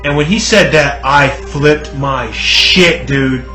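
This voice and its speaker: A man's voice: a little high, slow pace, bright, forceful tone. A man telling a childhood story in a rambling, profane style, full of "like" and restarts. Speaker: podcast co-host. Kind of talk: comedic storytelling. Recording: roomy podcast audio with music behind.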